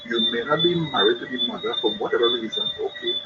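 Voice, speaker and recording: A man's voice: mid-range voice, lively intonation, fast talker. A man giving an earnest live-streamed talk on parenting. He repeats his key points for emphasis. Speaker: speaker on parenting. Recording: dull lo-fi stream with loud noise.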